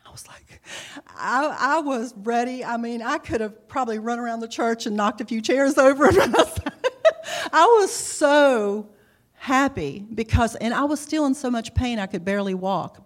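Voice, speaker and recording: A middle-aged woman telling her church testimony in a chatty, self-mocking way, laughing often. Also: on the high side. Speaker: speaker giving a testimony.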